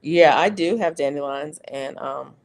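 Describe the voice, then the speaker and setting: Slow, gravelly-voiced woman chatting on a livestream. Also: deep voice. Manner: chatty, laughs often, reads viewer comments aloud. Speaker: livestream host. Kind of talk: casual live-stream chat.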